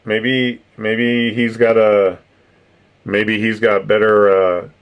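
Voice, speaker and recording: A man's voice: on the low side, flat delivery, takes it slowly, clean tone, lo-fi sound. A middle-aged man hosting a live stream, chatting casually with viewers, rambling, swearing and laughing often. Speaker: streamer host reading chat.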